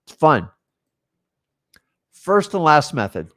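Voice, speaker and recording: A man's voice: a little high, very animated, slow, bright, forceful tone. A man coaching a class on real estate deals, talking in punchy, direct bursts and acting out sample lines with sellers. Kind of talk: live training talk.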